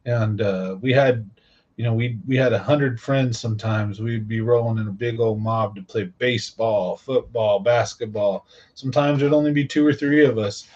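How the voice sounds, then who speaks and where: A man's voice: medium pitch, steady tone, moderate pace, a little mellow. Rambling middle-aged man, dull lo-fi sound. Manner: rambling, filler-heavy, repeats "right?". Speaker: host. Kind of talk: casual monologue commentary.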